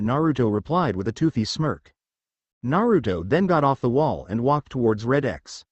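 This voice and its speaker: A man narrating a fan fiction story aloud in a plain, even storytelling manner. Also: mid-range voice, moderate pace, dry recording, highs cut off.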